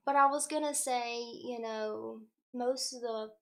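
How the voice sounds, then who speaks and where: A young woman hosts a spiritual livestream. She chats casually, greets viewers with affection and swears now and then. Her voice sits a little high. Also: fairly even intonation, measured pace. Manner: warm, effusive, greets viewers by name with spiritual terms. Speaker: spiritual livestream host and card reader.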